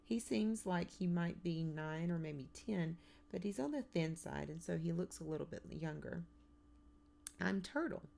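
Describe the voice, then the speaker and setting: Low, gravelly woman narrating a story. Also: expressive, normal speed, dark tone. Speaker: audiobook narrator. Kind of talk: first-person audiobook narration.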